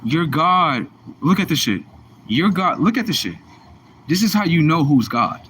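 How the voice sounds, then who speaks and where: A man with a somewhat high-pitched voice delivers a livestream rant. He talks in a combative, mocking, preachy way, full of profanity and taunts aimed at his listeners. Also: very animated, a little slow, fairly bright tone, slight background noise. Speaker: livestream host.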